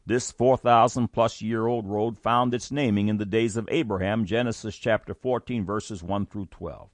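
A man's voice: lowish voice, steady tone, normal speed, no room sound, clean studio sound. A man reading a scripted Bible teaching, earnest and emphatic, quoting scripture aloud. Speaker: Bible teaching show host.

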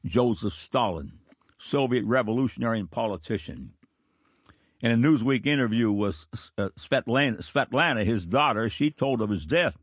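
A man in his fifties, a country church pastor, giving a sermon in a slow, deliberate and solemn manner. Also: medium pitch, animated, breathy edge, no echo, clean studio sound. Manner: slow, deliberate, solemn delivery with drawn-out words. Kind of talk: sermon reading of quotations.

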